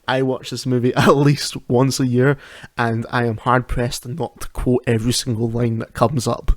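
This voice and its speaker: A man's voice: mid-range voice, flat delivery, moderate pace, no echo. Laughing, rambling man. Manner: chatty and self-deprecating, laughs often between phrases; rambling with frequent restarts. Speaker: podcast host. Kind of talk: casual solo commentary. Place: at home at night.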